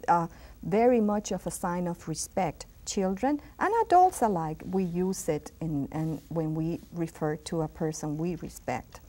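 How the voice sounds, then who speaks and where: A middle-aged woman teaching a school TV language lesson, patiently repeating each word slowly with clear emphasis. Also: lowish voice, dark tone.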